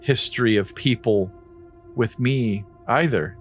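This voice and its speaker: Game master, tabletop narration, relaxed descriptive delivery, middle pitch. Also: takes it slowly, soft background music. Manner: relaxed, descriptive, laughs easily.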